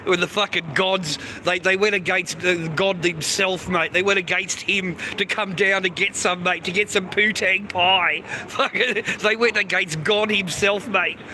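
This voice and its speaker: A man's voice: sits high, steady tone, moderate pace, few pauses, sharp tone, slight background noise. An Australian man hosting a livestream, ranting crudely and profanely and calling everyone mate. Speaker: livestream host. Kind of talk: rambling livestream rant.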